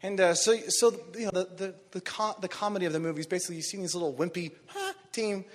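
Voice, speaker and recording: A man preaching a sermon, telling a story with animated energy and rising to shouts on key phrases. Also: high-pitched, racing. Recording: long reverb of a large hall.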